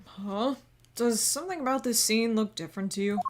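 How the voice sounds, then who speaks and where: A woman's voice: a little high, brisk, background noise, lightly acted. A woman voicing an earnest young defense lawyer. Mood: bemused. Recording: loud game music behind.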